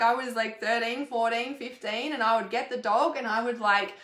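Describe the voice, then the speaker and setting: A woman's voice: a little high, fairly bright tone. A woman and parenting coach talking frankly and casually to camera, rambling and swearing freely. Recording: roomy echo.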